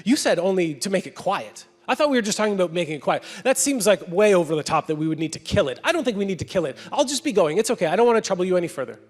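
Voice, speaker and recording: A man's voice: high voice, sing-song, very fast, few pauses, in a large hall, soft background music. A man voicing a timid, evasive ghostly man who stammers and backpedals nervously, in a sermon retelling. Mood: anxious.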